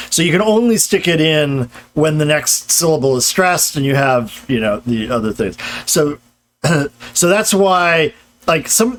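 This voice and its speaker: A man giving a casual grammar lecture, explaining step by step and tagging his points with "right?" as his voice drops low. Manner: loose explanatory talk, tags points with "right?" and trails lower.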